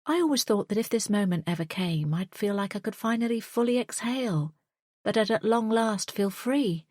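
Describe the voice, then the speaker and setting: A woman narrating a thriller audiobook in a tense, measured first-person storytelling style on a close studio mic. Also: mid-range voice, a little mellow, dry recording.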